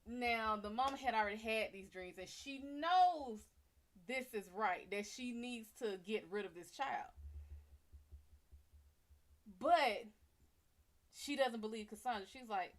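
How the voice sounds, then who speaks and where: Woman host telling myth on livestream, slangy and cussing, kinda high voice. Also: takes it slowly, long pauses. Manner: slangy, profane, animated. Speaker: psychic reader and host. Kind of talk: casual livestream storytelling.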